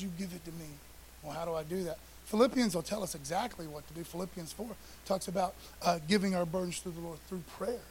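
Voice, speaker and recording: A middle-aged man preaching a sermon in a conversational way, dropping into casual slang and swinging from loud to hushed. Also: high-pitched, low-quality recording. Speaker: pastor. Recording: faint hiss.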